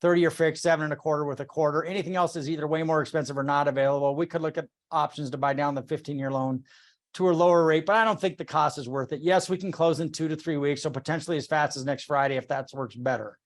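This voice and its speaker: A man's voice: fairly high pitch, steady tone, quick pace. A man leading a casual sales team call, retelling a client exchange and coaching, candid and swearing freely.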